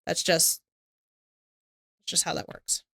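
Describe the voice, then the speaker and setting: Bright-voiced woman ranting in commentary. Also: takes it slowly, dry recording, studio quality. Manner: rambling, exasperated, repeats herself. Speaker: reaction streamer. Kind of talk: casual commentary on a video.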